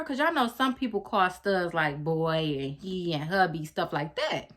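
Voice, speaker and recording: A woman vlogger telling a personal story to her viewers in an animated, chatty way, acting out what people said. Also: lowish voice, normal speed, hardly any pauses. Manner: animated, talks straight to viewers, acts out quotes. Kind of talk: storytime vlog.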